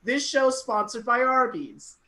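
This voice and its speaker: A woman's voice: fairly high pitch, animated, measured pace, a bit bright, low-quality recording. A young woman hosting an online comedy show, cracking puns and laughing at her own jokes over a computer mic. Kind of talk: casual stand-up hosting. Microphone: computer mic on a video call.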